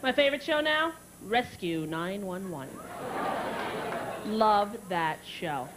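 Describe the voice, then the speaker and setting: A woman in her thirties doing a stand-up routine, animated and breaking into shrill character voices and sung jingles. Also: slow. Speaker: stand-up comedian. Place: stage before a live audience. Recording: live show with loud audience and crowd noise. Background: audience laughter.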